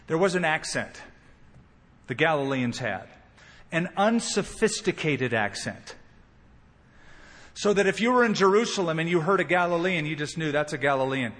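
A pastor preaches a sermon, expressively acting out the quoted lines as he retells the story. His voice is a little high and his pace moderate, with long hall reverb on the recording.

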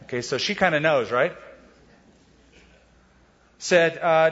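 Slow and a bit bright, this fairly high male voice belongs to a pastor delivering an expository sermon. His chatty style mixes in offhand asides and rhetorical questions, heard through dull audio with a long hall reverb.

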